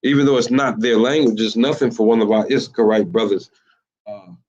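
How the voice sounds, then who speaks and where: A man, teaching in a sermon style, halting and repeating himself, with many fillers and rhetorical questions. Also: lowish voice, a little mellow. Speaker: teacher of a religious group. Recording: muffled lo-fi recording.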